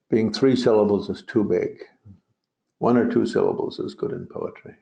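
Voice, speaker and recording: A man's voice: on the low side, unhurried, gravelly, mellow. A man teaching as a Buddhist teacher in a dharma talk, digressive and full of joking asides. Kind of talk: dharma talk on a translated poem. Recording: roomy, dull lo-fi recording.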